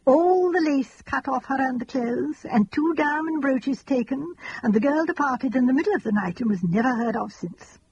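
A gentle, fussy elderly spinster, as a woman reader puts her on, chatting on in an earnest, rambling, old-fashioned way. The voice sits fairly high and is very husky and breathy. The recording is a little dull and lo-fi. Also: expressive, moderate pace, hardly any pauses, full character voice. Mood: chatty earnest. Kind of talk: audiobook reading.

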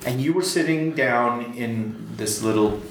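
A man in casual chat who tells stories in an animated way, stammering and restarting his sentences often. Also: mid-range voice, unhurried. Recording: echoey room, faint background noise.

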